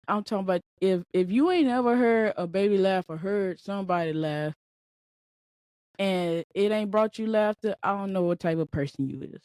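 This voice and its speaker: A woman hosting a podcast in a casual, slangy monologue, talking in an animated way and laughing often. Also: medium pitch, dry recording. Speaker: podcast host.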